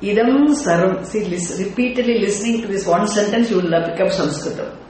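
A teacher giving a scripture class, explaining terms deliberately, checking in with the class through rhetorical questions and now and then chanting words in a sing-song way. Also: medium pitch, a little mellow, slight background noise. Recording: very echoey room with faint ambience.

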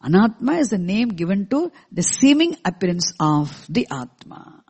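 A teacher explaining a scripture verse to a class in a measured way, repeating key terms and asking the listeners questions, with verses chanted slowly in between. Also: mid-range voice, sing-song, darkish tone, husky. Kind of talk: scripture lecture.

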